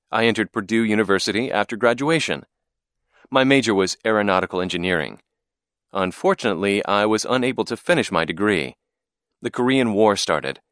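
A man reads a first-person story aloud in a clear, expressive way. His pitch moves with a lot of life. The sound is dry and close. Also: no room sound. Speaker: narrator. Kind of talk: scripted storybook narration.

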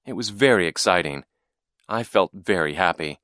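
A man narrating a first-person storybook in a clear, expressive reading. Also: sits low, normal speed, no echo, studio quality.

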